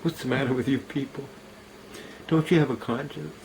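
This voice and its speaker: A man's voice: mid-range voice, fairly even intonation, moderate pace, vocal fry, darkish tone, a little hiss or hum, poor audio. An older man, a military veteran, delivering a bitter, accusing monologue to a camera at home, cursing and swearing.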